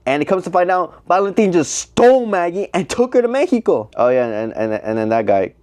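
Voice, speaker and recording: A man in his twenties giving a casual, slangy movie recap, talking to his chat in an animated way. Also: high-pitched, brisk. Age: 20s.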